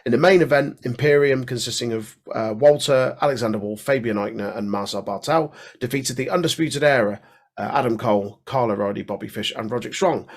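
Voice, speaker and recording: A man co-hosting a casual wrestling podcast, reading out dates and results in a middle-pitched voice. He drops playful asides between the facts. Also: fairly quick. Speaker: podcast co-host.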